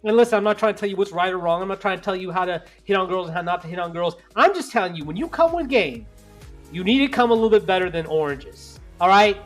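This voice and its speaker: Animated, slangy man hosting a podcast. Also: high-pitched, fast talker, soft background music. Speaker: podcast host. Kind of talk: casual TV recap chat.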